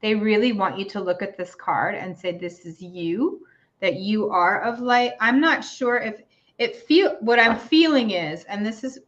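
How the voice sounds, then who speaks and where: A middle-aged woman guides a meditation and reads tarot on a livestream. Her voice is mid-pitched, soft and easygoing, and she wanders between soothing guidance and casual chat. The sound comes through a video call and is dull and lo-fi. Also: a little slow. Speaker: spiritual reader and stream host. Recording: dull lo-fi stream audio.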